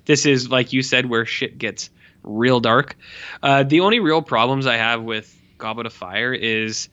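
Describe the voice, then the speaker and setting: A man's voice: mid-range voice, unhurried. A young man chatting casually and animatedly about movies as a podcast co-host, swearing now and then. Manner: animated, swears, mimics characters with squeals. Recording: slightly dull lo-fi audio.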